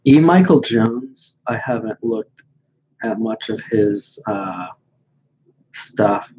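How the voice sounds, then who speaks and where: A man's voice: fairly low pitch, expressive, takes it slowly, a little mellow, dull audio, a little hiss or hum. A man hosting a casual livestream and answering viewer questions in a blunt, dismissive way, rambling with many fillers.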